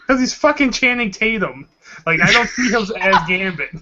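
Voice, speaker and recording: A man's voice: high-pitched, lively intonation, moderate pace, pushed and bright, highs cut off. A man co-hosting a casual podcast, blunt and exasperated, swearing freely. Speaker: podcast co-host.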